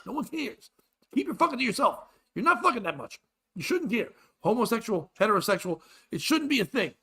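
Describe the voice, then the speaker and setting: A man hosting a comedy podcast, ranting in a loud, exasperated and profane way. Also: sits high, big pitch swings, brisk, creaky, slightly rough. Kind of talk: crude comedic rant.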